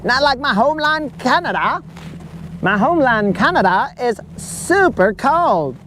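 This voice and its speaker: A man's voice: on the high side, animated, fast, fairly bright tone, a little hiss or hum. A man putting on an overly friendly, polite Canadian man with a chummy, singsong manner.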